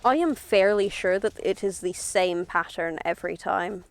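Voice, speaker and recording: A woman's voice: medium pitch, normal speed, faint music behind. A young woman streaming a video game from home on a headset mic, chatting casually and swearing freely as she plays. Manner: swears freely, talks to herself while playing. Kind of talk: casual gaming stream chat. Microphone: headphones with mic.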